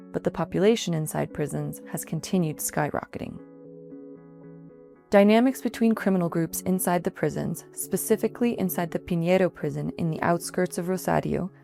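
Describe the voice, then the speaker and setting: A woman reporter reading a written field investigation aloud in a measured, even scripted news narration. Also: fairly low pitch, creaky.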